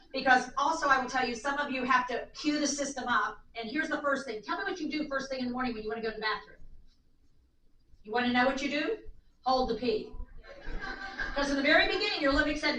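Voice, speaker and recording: A woman lecturing a live audience on aging in an animated way, acting out little voices, in a seminar room. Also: high-pitched, fairly quick. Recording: echoey room, distant mic, faint noise.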